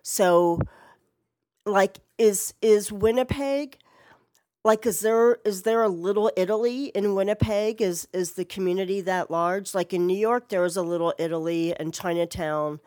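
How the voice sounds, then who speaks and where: A woman's voice: medium pitch, measured pace, a little mellow, dry recording. Rambling, foul-mouthed middle-aged woman vlogger. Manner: rambling, profane, lots of "like". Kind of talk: casual response video chat. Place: home, Portland.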